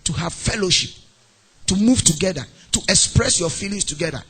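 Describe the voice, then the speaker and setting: Ghanaian male pastor with a high, sing-song preaching voice, playfully acting out scenes. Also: fairly quick, breathy edge. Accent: Ghanaian English. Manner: animated, acts out mock phone calls and scenes. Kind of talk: sermon.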